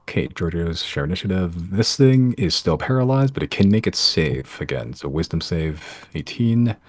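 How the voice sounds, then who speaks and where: Man, extremely low voice, husky, dry close sound, game master narrating a tabletop game, casual and rambling. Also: big pitch swings, moderate pace, dry recording. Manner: loose, filler-heavy description.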